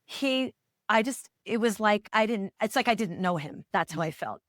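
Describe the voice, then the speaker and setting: Une mère d'une quarantaine d'années, coach parentale, livre son témoignage avec franchise et émotion. Sa voix de hauteur moyenne est enregistrée au plus près, dans un son sec. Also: female voice, mid-range voice, lively intonation, normal speed, a bit bright, dry recording, studio quality. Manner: earnest and emotional, acts out remembered dialogue. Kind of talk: candid personal storytelling in a podcast interview.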